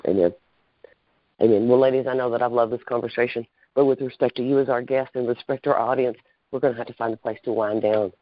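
A man's voice: medium pitch, fairly even intonation, quick pace, dry recording. Guy hosting a podcast, earnest and chatty, kinda dull dry audio. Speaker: podcast host. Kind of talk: casual interview chat.

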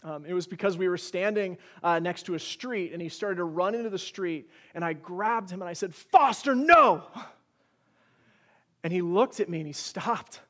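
A man preaching a sermon as pastor, earnest and pleading, asking one rhetorical question after another and sharing gentle personal stories. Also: high-pitched.

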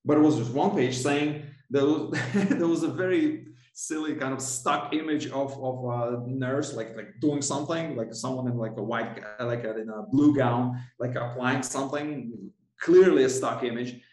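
A man's voice: mid-range voice, normal speed, darkish tone, reverberant, slight background noise, poor audio. A man telling a personal story as a podcast guest, rambling with many restarts and self-corrections and laughing often. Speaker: podcast guest, coach and author. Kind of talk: casual storytelling interview.

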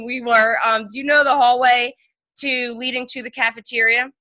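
A woman's voice: a little high, steady tone, moderate pace, pushed and bright, no room sound. A woman telling stories as a podcast guest, chatty and full of fillers. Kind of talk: casual storytelling. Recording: dry, slightly dull lo-fi sound.

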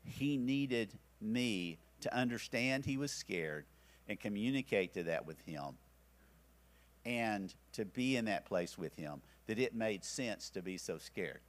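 A man's voice: on the low side, animated, takes it slowly. An older man teaching parents, telling a story about his grandsons and acting out his own soothing words. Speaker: church teacher. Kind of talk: teaching talk with personal story.

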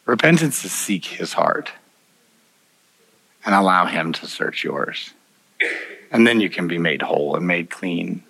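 A man's voice: low voice, lively intonation, measured pace, creaky, pauses often, pushed and bright, breathy edge, low-quality recording. A man preaching a sermon, telling personal stories in an earnest way, chuckling often and restarting his sentences. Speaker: pastor.

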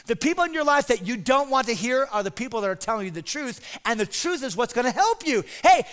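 High, bright-voiced animated preacher. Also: male voice, quick pace. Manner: animated, dramatic, conversational preaching. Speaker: pastor. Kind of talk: sermon.

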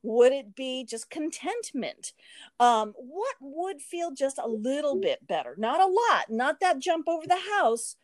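A woman co-hosting a podcast, chatting casually in an animated way, laughing often and filling her speech with "you know" and "um". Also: sits high, a little slow, dry recording, studio quality. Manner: animated, laughing, many fillers. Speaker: podcast co-host. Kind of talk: casual chat.

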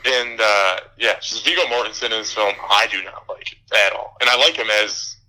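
Poor audio captures a young man's fairly low, pushed, bright voice at a moderate pace. Co-hosting a podcast about films in a casual way, he goes on an angry, foul-mouthed tirade punctuated by laughs.

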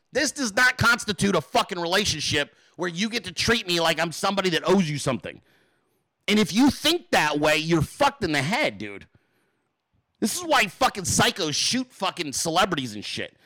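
A man's voice: sits high, very animated, brisk, pushed and bright, dry recording, low-quality recording. A man hosting his own talk show, venting in an angry, profane, blunt monologue to his viewers. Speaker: show host.

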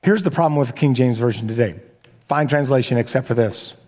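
A man's voice: mid-range voice, brisk, a little mellow. A man preaching a sermon as pastor, talking casually with joking asides and frequent restarts. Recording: long hall reverb.

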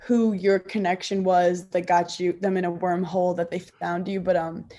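A woman comedian from New York with a calm, soothing voice. She talks in a sarcastic, self-mocking way and laughs easily. She is a guest on a video call from her apartment couch. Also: lowish voice, moderate pace. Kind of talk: casual interview chat.

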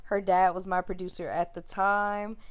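A woman's voice: mid-range voice, moderate pace. A young woman host casually telling a funny teenage story, acting out the people in it and laughing along. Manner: animated, acts out quotes, laughs while telling. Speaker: podcast host.

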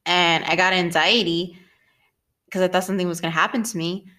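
A young woman trading personal stories on a laid-back podcast. She swears freely and leaps up in pitch whenever she acts out a remembered line. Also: brisk. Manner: animated storytelling with frequent swearing and big pitch jumps when quoting. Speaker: podcast co-host. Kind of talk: casual storytelling chat.

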